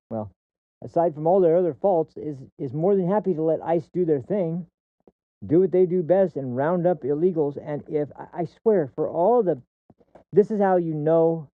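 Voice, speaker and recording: A streamer hosting political commentary rants heatedly and swears a lot, repeating and restarting words mid-sentence as he pushes his points. His voice is a little high for a man, and the dry, thin audio sounds like it's coming over a phone line.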